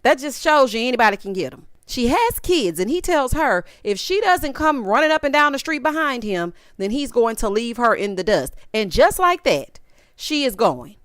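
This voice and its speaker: Sassy woman dishing on reality tv, smooth clear voice, dry close sound. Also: a little high, sing-song, normal speed, a bit bright, dry recording. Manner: sassy, exasperated, quotes people in voices. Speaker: reality TV recap host. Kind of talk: casual commentary recap.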